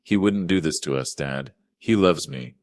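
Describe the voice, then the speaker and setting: A man's voice: very deep voice, normal speed, no echo, clean studio sound. A man voicing a grown daughter in a dramatized story, pleading and anxious. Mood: tearful. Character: young adult woman, the narrator's daughter.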